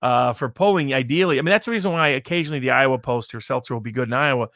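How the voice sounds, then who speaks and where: A man in a casual podcast discussion, explaining polling quickly with frequent restarts. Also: medium pitch, fairly bright tone, no echo, clean studio sound. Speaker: pollster guest.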